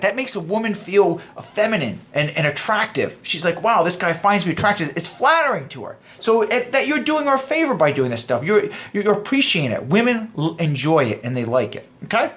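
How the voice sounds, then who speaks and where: A man's voice: high voice, fairly bright tone. Casual male dating coach. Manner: loose and conversational, acts out sample lines. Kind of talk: casual course lecture.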